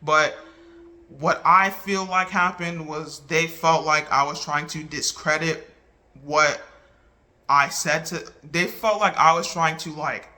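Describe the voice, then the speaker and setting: A man talking casually to the camera, recounting a falling-out in an earnest, halting way with many restarts. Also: on the high side, steady tone, pushed and bright. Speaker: vlogger.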